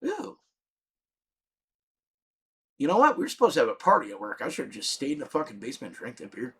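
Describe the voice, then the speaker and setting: A middle-aged man telling a comedic story with lots of swearing, shouting out his punchlines. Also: medium pitch, wildly swooping pitch, fast talker, breathy edge.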